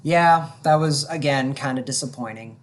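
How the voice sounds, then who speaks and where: A woman's voice: a bass voice, normal speed. A woman co-hosting a podcast, giving a casual, opinionated film review with candid asides. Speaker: podcast co-host.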